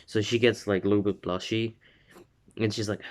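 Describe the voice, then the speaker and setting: Rambling low-voiced young man. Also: fairly even intonation, fairly quick. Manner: rambling, filled with "like". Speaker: storyteller. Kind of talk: casual fan-story retelling.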